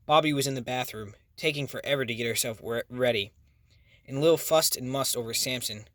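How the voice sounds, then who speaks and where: A man's voice: medium pitch, a bit bright, dry recording. Dry, close male audiobook narrator. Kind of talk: first-person audiobook narration.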